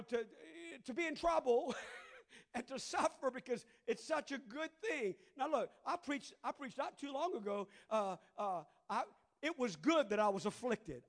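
A middle-aged man with a Cajun Louisiana accent preaching a sermon, moving between soft conversational asides and loud, drawn-out preaching. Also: very high voice. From southern Louisiana. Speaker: pastor.

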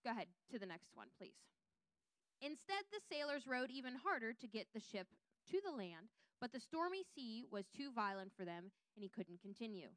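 A woman teaching a Bible lesson, reading scripture aloud with lively voiced quotes and checking in with her listeners. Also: a little high, normal speed, smooth, dry recording.

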